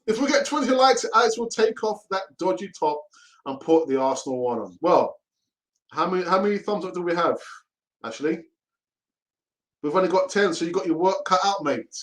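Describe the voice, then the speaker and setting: Brief: middle-aged man, fan-channel host, loose and chatty, a little higher-pitched than most men, laughs easily. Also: expressive, normal speed, rough recording. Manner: chatty and laughing, often repeats himself. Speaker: host of a fan live stream. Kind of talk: casual live-stream chat.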